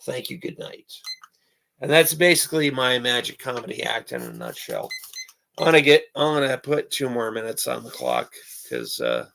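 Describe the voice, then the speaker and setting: A man's voice: mid-range voice, wildly swooping pitch, normal speed, vocal fry, sharp tone, slight background noise. A man explaining his stand-up comedy act in a rambling, casual way, with many fillers and restarts.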